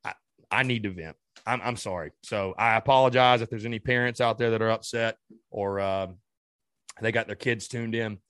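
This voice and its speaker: A man hosting a sports podcast, furious and ranting, swearing and stammering as he vents, swinging between loud outbursts and low mutters. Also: fairly even intonation, normal speed, clean tone, no room sound. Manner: heated and ranting, swearing, with many stammered restarts. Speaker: podcast host. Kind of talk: sports fan rant.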